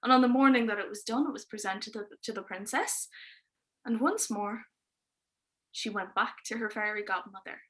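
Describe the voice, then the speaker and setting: A woman telling a fairy tale on a livestream, lively and informal, with wry asides. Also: a little high, normal speed. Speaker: storyteller. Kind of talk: oral storytelling performance on a livestream.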